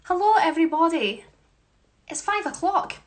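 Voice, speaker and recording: A woman's voice: very high voice, animated, normal speed. A young woman, a musical theatre performer, chatting casually in a social media Q&A on a phone, giggly and self-deprecating. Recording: echoey room.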